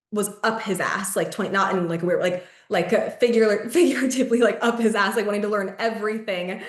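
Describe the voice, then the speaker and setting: A young woman hosting a podcast tells a personal story in a loose, chatty monologue, her ordinary mid-pitched voice full of fillers, frequent curse words and little laughs mid-story. There's a noticeable roomy echo on the recording.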